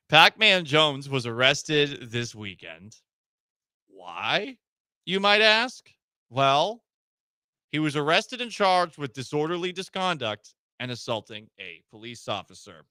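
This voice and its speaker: Sarcastic male sports radio host, fairly high voice, dry studio sound. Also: bright, forceful tone, clean tone, dry recording. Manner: sarcastic, wry. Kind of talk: casual sports talk radio.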